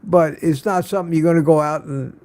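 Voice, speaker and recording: A tired older man hosting a live stream, chatting casually and haltingly with lots of restarts. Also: a little high, steady tone, darkish tone. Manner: halting, many restarts and fillers.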